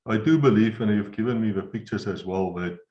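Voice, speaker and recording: A man's voice: on the low side, fairly quick, mellow. A man hosting an interview, speaking in an earnest, plain-spoken way. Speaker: interview host. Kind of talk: conversational interview. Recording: roomy, dull lo-fi sound.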